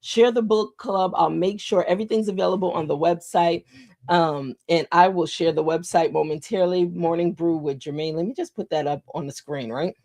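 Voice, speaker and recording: A woman's voice: fairly low pitch, fairly even intonation, normal speed, a little mellow. A middle-aged woman hosting a live morning show, speaking from the heart to viewers and repeating phrases for emphasis. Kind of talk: live-stream talk to viewers.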